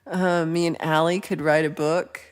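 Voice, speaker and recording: Woman, livestream host, low pitch, chatty, teasing, laughs a lot. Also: little pitch movement, normal speed, smooth. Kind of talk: casual livestream chat, reading comments.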